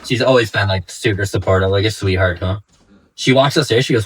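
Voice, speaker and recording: A man's voice: on the low side, a little fast, slightly rough, poor audio. Rambling, chatty man telling stories. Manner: rambling storyteller, heavy use of "like". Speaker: podcast guest, father. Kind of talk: casual chat.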